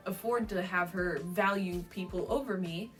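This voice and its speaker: A woman's voice: fairly low pitch, normal speed, a bit bright, recorded from a distance, faint music behind, poor audio. A young adult woman giving dog training advice in a casual vlog, chatty, with frequent laughs and fillers.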